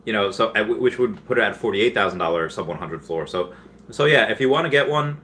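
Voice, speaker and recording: A man with a fairly low but bright, forceful voice hosts a loose livestream, chatting through viewer comments. He rambles, restarts his sentences and laughs often, and sometimes jumps into high, loud voices when he quotes someone. A faint hiss of noise sits under his voice. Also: expressive, fast talker. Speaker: livestream host. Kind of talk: casual livestream chat, reading viewer comments.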